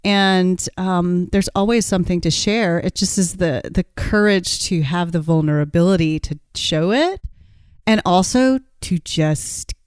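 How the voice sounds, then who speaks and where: Woman cohost, smooth clear voice a bit low, pep-talk coaching vibe. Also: measured pace, a little mellow, no room sound, studio quality. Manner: encouraging, coaching tone, pushes the other to act. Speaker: podcast co-host. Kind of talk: casual chat.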